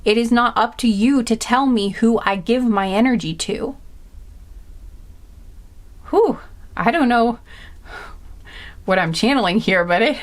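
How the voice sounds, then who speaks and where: A woman's voice: on the high side, measured pace, long pauses. A woman giving a spiritual pick-a-card reading, talking with passion and emphasis, repeating phrases with many fillers. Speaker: tarot card reader.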